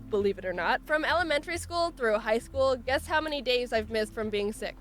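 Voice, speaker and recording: A woman with a cold, nasal and stuffed-up, narrating a comedic animated video with wry, self-deprecating delivery. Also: on the high side, a little fast, faint music behind. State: sick with a cold.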